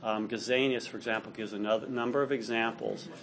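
A fast-talking man with a medium-pitched, slightly bright voice and fairly even intonation lectures his class on Hebrew grammar. Despite the speed, he explains patiently and checks in often with "all right?" Some slight background noise is audible.

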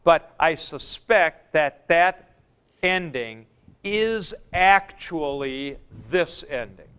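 Slow, deliberate male lecturer. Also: on the high side, animated, fairly bright tone, clear, resonant tone. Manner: deliberate, explanatory, with asides. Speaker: Greek teacher. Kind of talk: classroom lecture. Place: classroom.

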